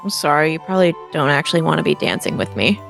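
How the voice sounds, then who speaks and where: A woman's voice: deep voice, big pitch swings, fast talker, vocal fry, fairly bright tone, soft background music, pitched below the performer's own voice, exaggerated voice. A woman voicing a shy, awkward young lord who speaks hesitantly and puts himself down. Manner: hesitant, mumbling, self-deprecating.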